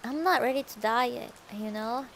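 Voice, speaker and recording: A woman voicing a calm, cool young princess who speaks with composure. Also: on the high side, normal speed, background noise, natural voice. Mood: dry.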